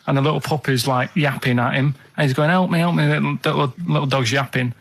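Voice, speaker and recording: A man's voice: medium pitch, little pitch movement, quick pace, creaky, fairly bright tone. Plodding Northern English man. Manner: plodding, matter-of-fact. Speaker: radio show regular. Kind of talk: casual storytelling. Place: radio studio.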